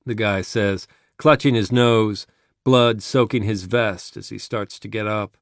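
A man reading a dramatic story aloud in a measured narrating voice. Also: lowish voice, fairly even intonation, no echo, clean studio sound.

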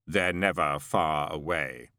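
A man reading an audiobook voices Death, a calm ancient male angel of death, speaking slowly and gravely. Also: extremely low pitch, dry recording, clean studio sound, pitched below the performer's own voice, full character voice. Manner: slow, grave, measured. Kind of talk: audiobook narration.

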